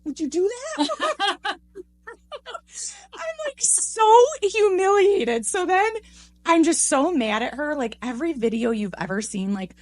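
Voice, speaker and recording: A middle-aged woman chatting on a podcast, her voice sitting a bit high. She tells a story with animation and jumps up into exaggerated voices for the people in it. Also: normal speed, no echo. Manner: animated storytelling, acts out voices with big pitch swings. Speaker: podcast co-host. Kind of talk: casual chat.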